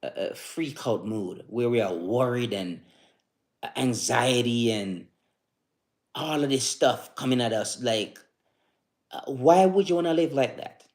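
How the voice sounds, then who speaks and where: A man with a medium-pitched voice talks loosely to his live-stream audience about staying calm. His speech rambles and circles back, with stumbles and repeated words. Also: a little slow. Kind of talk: casual motivational talk.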